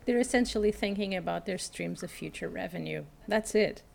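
Woman cohost, gravelly fry in her voice, lots of um and uh, halting, dry jokes. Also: on the low side, darkish tone. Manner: hesitant, halting, many fillers and restarts. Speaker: podcast co-host. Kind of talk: casual chat.

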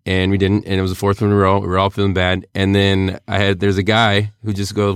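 A man co-hosting a casual sports podcast, relaxed and agreeable with dry remarks. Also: sits low, fast, few pauses, smooth, no echo.

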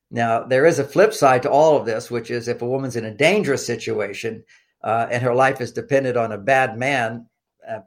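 An older man with a mid-range voice appears as a guest relationship expert, explaining things in casual interview talk. He uses a coaching tone, with frequent fillers and restarts.

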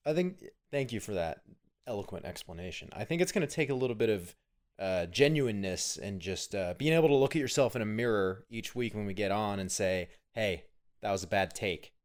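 A man co-hosting a casual sports podcast, pitching segments and teasing his co-host. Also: expressive, fairly quick. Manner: upbeat, promotional, teasing. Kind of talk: casual chat.

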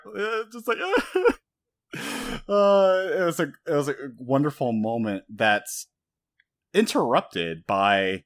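Animated, swearing young man. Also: a little high, slow. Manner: animated, profane, laughs often. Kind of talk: casual anime recap chat.

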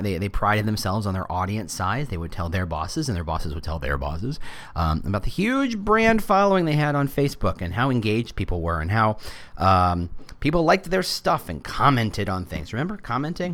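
Speaking in a lowish voice, a middle-aged man hosts a casual one-person podcast. His delivery is energetic, peppered with jokes and short put-on voices for quotes.

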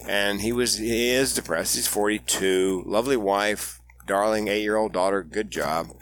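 A man's voice: fairly low pitch, fairly even intonation, moderate pace, a bit bright. A man speaking as a guest on an interview podcast, telling candid stories with dry humor. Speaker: guest, suicide prevention speaker.

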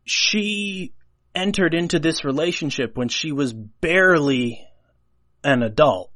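Another man co-hosting the podcast discusses the film script casually and analytically, hesitating with fillers. He speaks slowly in a fairly high, sharp-toned voice, on a dry recording.

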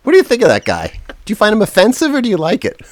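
A man co-hosting a comedy podcast, setting up jokes in a wry way and stammering when he gets excited. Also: high-pitched, racing, no room sound. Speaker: podcast co-host. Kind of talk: comedic casual chat.

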